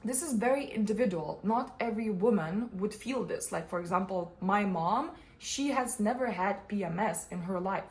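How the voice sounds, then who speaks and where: A young adult woman vlogger and coach giving casual, expressive personal talk to the camera, often breaking into laughter. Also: mid-range voice, moderate pace, few pauses.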